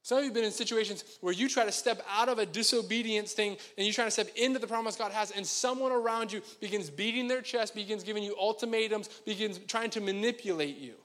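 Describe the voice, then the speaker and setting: A man with a high voice preaches in a church hall, and his words ring out with a long reverb. He keeps it conversational and joking and speaks straight to the congregation. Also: quick pace, few pauses, a bit bright. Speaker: pastor. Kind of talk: sermon. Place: church sanctuary.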